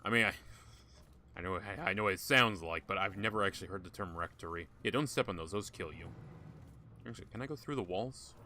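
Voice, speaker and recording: A man's voice: low voice, fast, sharp tone, slight background noise. A man giving casual gameplay commentary, joking, swearing often and talking to game characters. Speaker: gaming YouTuber.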